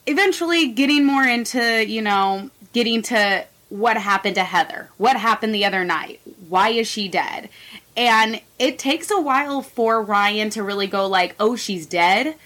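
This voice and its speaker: A woman with a fairly high, bright, forceful voice tells a story in a loose, chatty way. She keeps dropping "like" as she talks it through for her co-host. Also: unhurried. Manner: retells a story with many "like" fillers. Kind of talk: casual storytelling chat.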